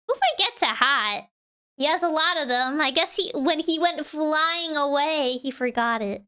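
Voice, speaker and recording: A woman's voice: sits high, expressive, a little slow, pushed and bright. A woman streaming a game with casual, playful commentary and muttered asides. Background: game music.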